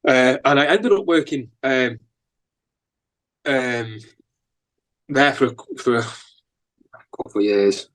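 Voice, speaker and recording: A man with a northern English accent talks through a long anecdote in a relaxed interview, his voice sitting at an ordinary middle pitch. He rambles, doubles back, and packs in fillers as he acts out bits of the story. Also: takes it slowly, long pauses, poor audio. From England. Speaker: musician guest.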